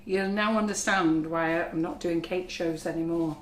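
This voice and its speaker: A woman with a husky voice, chatting reassuringly as she gives a live baking demonstration in a kitchen. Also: lowish voice, fairly even intonation, moderate pace. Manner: chatty, reassuring, talks while working. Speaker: cake decorating instructor. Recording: echoey kitchen with faint noise.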